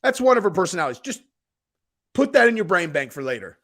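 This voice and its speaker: A man hosting a casual reaction show, talking in a rambling, animated way and saying "dude" often. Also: high voice, fast. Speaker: host reacting to a video.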